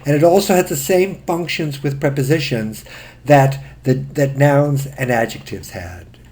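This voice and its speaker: A man's voice: a little high, a little slow, a little mellow. A man giving a recorded grammar lesson, patiently spelling out word forms one at a time. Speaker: Greek instructor.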